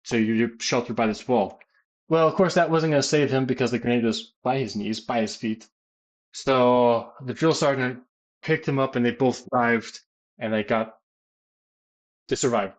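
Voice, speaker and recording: American guy rambling through an army story, lots of ums and restarts, average pitch, casual q&a vibe. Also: normal speed, rough recording. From United States. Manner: rambling, animated, many fillers and restarts. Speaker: gaming YouTuber and teacher.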